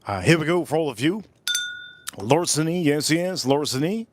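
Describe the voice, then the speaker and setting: Speaking at normal speed over a little hiss or hum, a man reviews whiskey on a livestream and reads viewers' comments aloud. He cracks crude jokes and wanders off on tangents, his pitch swinging widely and leaping up on exclamations.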